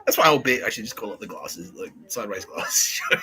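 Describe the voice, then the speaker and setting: This Australian podcast host has a fairly low pitch and tells an animated comedy story full of swearing, acting out the voices of its characters. The recording is low-quality.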